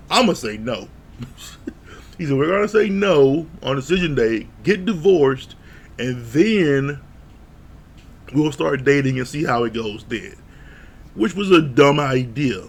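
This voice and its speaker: A show reviewer with a mid-range, fry-tinged male voice gives a blunt, profane, casual recap of a reality show, retelling scenes through mock quotes.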